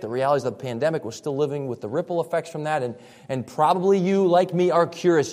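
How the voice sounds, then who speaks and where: A man's voice: a little high, a little mellow. A man preaching a sermon as pastor, speaking in a conversational way with frequent restarts. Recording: reverberant hall.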